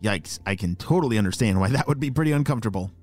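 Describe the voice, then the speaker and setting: A man narrating a children's story, animated and talking directly to young listeners with questions. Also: fairly low pitch, very fast, dry recording, soft background music.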